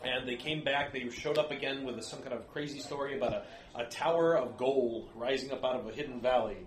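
A man, a tabletop game player, recapping the last session in a rambling, halting way with many fillers. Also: mid-range voice, reverberant.

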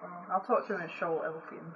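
A woman's voice: fairly low pitch, fairly even intonation, brisk, highs cut off, background noise. A woman playing a tabletop game in a teasing, wry way. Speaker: player. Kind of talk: casual tabletop play.

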